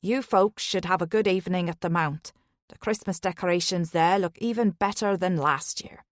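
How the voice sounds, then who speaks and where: A woman voicing a gruff male taxi driver with an Irish accent in an audiobook thriller. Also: on the low side, moderate pace, dry recording, studio quality, natural voice. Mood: blunt, matter-of-fact.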